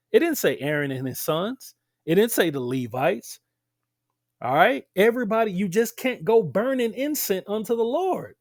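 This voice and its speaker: A man's voice: a little high, dry recording. Emphatic man teaching scripture, dry sound. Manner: emphatic, conversational asides to listeners. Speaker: Bible teacher.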